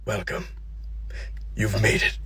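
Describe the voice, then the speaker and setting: A man voicing an angelic figure in a white suit who turns into a loud pizza pitchman. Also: big pitch swings, slow pace, slightly rough, no echo, heavily acted. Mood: solemn hush. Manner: hushed and solemn, then loud salesy pitch.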